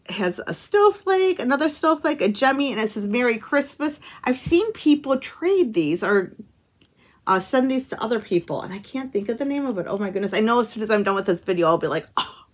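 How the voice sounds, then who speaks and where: A woman hosting a craft channel, chatting casually to camera as she opens handmade cards and stickers, gushing and exclaiming often with little chuckles. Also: a little high. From United States. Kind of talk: casual unboxing chat to camera.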